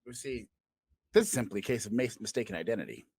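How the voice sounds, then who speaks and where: A man's voice: fairly low pitch, animated, fast, a little mellow, slightly rough, dry recording. A man co-hosting a comedy podcast, spinning absurd made-up stories in a playful, joking way. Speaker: podcast co-host.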